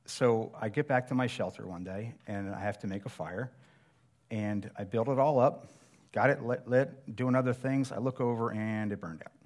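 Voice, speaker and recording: A man's voice: lowish voice, a little mellow. A middle-aged man preaching a sermon, telling a personal survival story in a conversational, self-deprecating way.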